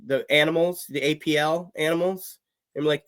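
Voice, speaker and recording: A man's voice: on the high side, fairly even intonation, moderate pace, a bit bright, no echo, clean studio sound. A man co-hosting a comedy podcast, riffing animatedly and laughing often. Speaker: podcast co-host. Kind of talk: casual comedic chat.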